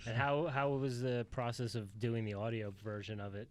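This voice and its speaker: A man hosts a podcast in an easygoing way, with a voice of middling pitch. He drops short, relaxed questions to keep his guest talking. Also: normal speed. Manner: brief, laid-back prompts. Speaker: podcast host. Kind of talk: casual interview questions.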